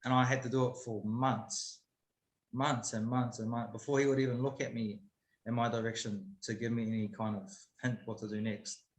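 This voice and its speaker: A man's voice: medium pitch, little pitch movement, normal speed. A man, a guest telling a story casually and candidly, swearing freely. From New Zealand. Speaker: guest, MMA fighter. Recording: roomy echo.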